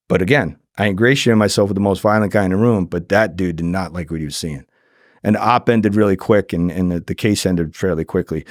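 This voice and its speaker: A low-voiced man tells his story with lots of animation, acting out what others said and swearing freely. His voice is recorded dry and close, with no room sound. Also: fairly quick, no echo. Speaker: former undercover agent, guest. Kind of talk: casual storytelling.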